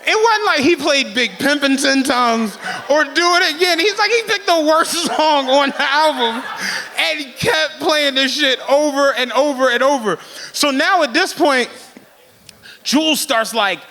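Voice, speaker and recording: A man hosting a podcast live on stage, telling a story with animated energy and plenty of swearing, often laughing as he talks. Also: very high-pitched, unhurried.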